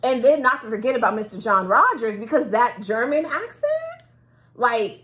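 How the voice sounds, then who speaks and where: A woman's voice: fairly high pitch, very animated, moderate pace, a bit bright. A woman co-hosting a casual chat about audiobooks, enthusiastic and gushing, laughing often. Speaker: podcast co-host.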